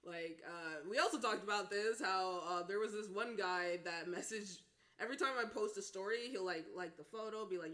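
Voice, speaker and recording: A woman co-hosting a podcast, telling stories in a casual, animated way with lots of laughter and swearing. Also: mid-range voice, moderate pace. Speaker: podcast co-host.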